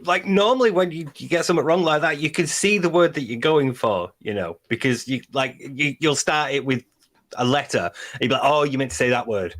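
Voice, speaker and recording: Hesitant musing podcast co-host. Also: male voice, medium pitch, brisk, a bit bright. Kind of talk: casual chat.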